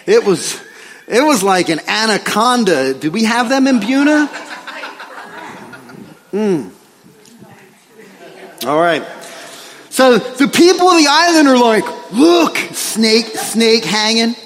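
A middle-aged man preaches with animated, joking storytelling, checking in with "right?" along the way. His voice sits high and swings widely in pitch. A long reverb hangs in the church sanctuary. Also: slow pace, pauses often. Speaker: pastor. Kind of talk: sermon.

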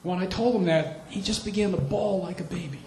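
Man, missionary preacher, slightly high voice, animated storytelling, echoey hall, faint background hum. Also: a little fast. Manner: animated storytelling, repeats phrases for emphasis. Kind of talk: sermon with storytelling.

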